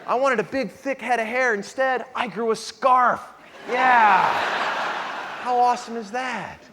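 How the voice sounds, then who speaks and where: A man's voice: very high voice, unhurried, very noisy. A man in his thirties performing a stand-up routine on a club stage, with a wry, self-mocking, punchy delivery. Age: 30s. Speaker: stand-up comedian. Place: live comedy club stage. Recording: live club recording with roomy reverb and crowd. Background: audience laughter and applause.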